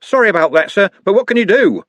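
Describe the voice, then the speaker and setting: A man's voice: sits high, animated, fast talker, a bit bright, no echo, voice pushed up. A man doing a sheepish team captain. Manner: meek, apologetic.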